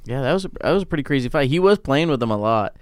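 A man's voice: medium pitch, lively intonation, rapid-fire, clean tone, no room sound, studio quality. A man co-hosting a podcast, chatting casually, laughing often and trailing off mid-sentence. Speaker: podcast co-host. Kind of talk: casual chat.

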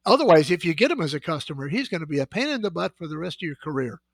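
A man's voice: a little high, racing, gravelly, breathy edge, no room sound. A middle-aged sales executive telling anecdotes in a podcast conversation, acting out the voices in his stories. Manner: animated anecdotal storyteller, acts out dialogue.

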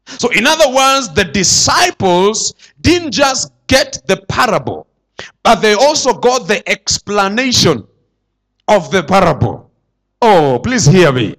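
A man preaching a sermon to his church, swinging between loud declarations and hushed asides. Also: high-pitched, sing-song, slow. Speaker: pastor.

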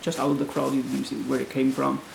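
A man's voice: medium pitch, completely flat delivery, fast talker, vocal fry, reverberant, a little hiss or hum, poor audio. A man narrating a tabletop game as game master in a loose, conversational way.

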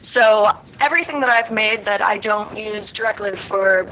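A woman's voice: medium pitch, moderate pace, pushed and bright, a little hiss or hum, poor audio. A woman on a talk panel, plain-spoken and businesslike. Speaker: panel guest.

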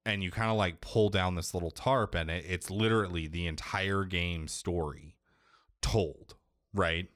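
A young man co-hosts a podcast and recaps a video game's story in a rambling, profane, casual way, constantly filling his sentences with "like." He has a low, steady voice at a measured pace with a fairly bright tone, recorded at studio quality with no room sound.

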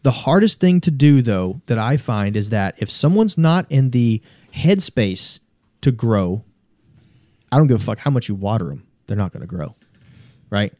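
Man, podcast guest; warm low-toned delivery, cusses casually, rambles earnestly through stories. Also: animated, normal speed, no echo, studio quality. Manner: swears freely, rambling and earnest. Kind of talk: casual conversational storytelling.

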